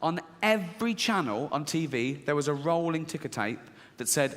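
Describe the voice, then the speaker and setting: Comedian with a sweary storytelling style. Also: male voice, on the high side, normal speed, in a large hall. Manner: animated, sweary, self-mocking storytelling. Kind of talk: stand-up comedy routine.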